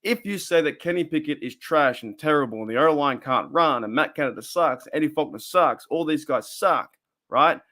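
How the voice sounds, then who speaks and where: A man's voice: on the high side, moderate pace, pushed and bright. A young Australian man hosting a casual live stream, rambling and repeating himself as he reads the chat.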